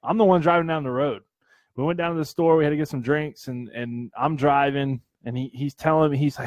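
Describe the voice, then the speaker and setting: A man co-hosting a casual comedy podcast, telling animated stories, swearing a lot and laughing often. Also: a little high, a little fast, no room sound. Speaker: podcast co-host.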